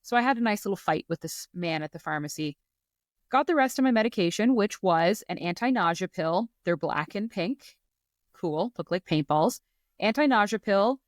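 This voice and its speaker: A woman co-hosting a podcast tells a story in casual chat, acting out the quotes with self-mocking humor. Her medium-pitched voice has lively intonation at a normal speed. The recording is dry and of studio quality.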